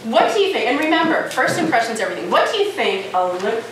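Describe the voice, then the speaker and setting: A woman presents to a conference audience in a chatty, animated way, her pitch swinging up and down as she talks. She sounds a little high and is heard from across a very echoey room. Steady background noise runs under her voice. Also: quick pace. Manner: lively, conversational, frequent "right?" and "okay?" asides. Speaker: conference speaker. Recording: echoey, distant hall recording with noise.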